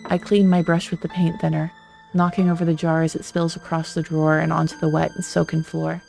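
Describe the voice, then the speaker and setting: Gravelly voice, flat even reading, visual novel let's play, streamer with asides, soft music underneath. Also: medium pitch, a little fast.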